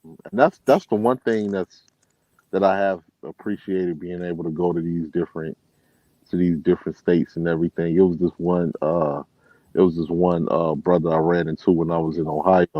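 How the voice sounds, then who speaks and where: A man's voice: sits low, moderate pace, no room sound. A man from Chicago with a Chicago accent, chatting casually as a regular caller and telling road stories with plenty of fillers. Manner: relaxed storyteller, many fillers. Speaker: truck driver and regular caller. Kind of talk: casual chat. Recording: muffled, dry phone-like sound.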